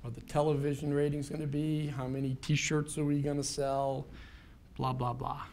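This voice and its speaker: A man's voice: on the high side, level tone, moderate pace, a little mellow, slight background noise. A man in his fifties giving a keynote talk, telling a personal story in an earnest way and building to rhetorical questions. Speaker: keynote speaker.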